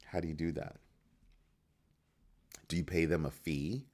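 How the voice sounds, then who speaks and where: A man's voice: very deep voice, steady tone, measured pace, a little mellow. A man hosting a crypto news show in casual solo commentary, firing rhetorical questions and restarting his phrases. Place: home studio at a computer.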